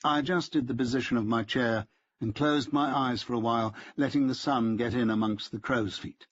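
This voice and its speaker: A man reading a first-person novel aloud as an audiobook narrator, in a dry, wry deadpan way. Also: mid-range voice, normal speed. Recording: dull lo-fi dry audiobook recording.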